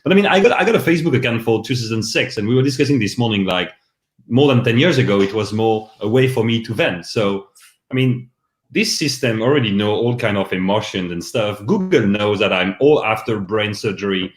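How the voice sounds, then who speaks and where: A man's voice: fairly low pitch, animated, a little fast. French-accented man, echoey room. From France. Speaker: guest. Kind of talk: casual live podcast chat.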